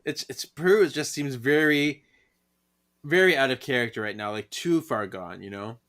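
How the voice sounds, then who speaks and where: A man co-hosting a podcast in casual chat, animated and laughing often as he acts out lines from the story. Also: mid-range voice, moderate pace. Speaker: podcast co-host.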